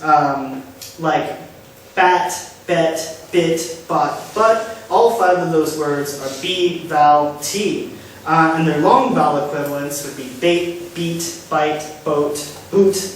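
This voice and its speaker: A young man from Kansas giving a public lecture, explaining with many fillers and self-corrections. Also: a little high. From United States, Kansas. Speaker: guest speaker giving a public talk. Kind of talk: lecture to a live audience. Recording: very echoey hall, distant, faint hiss.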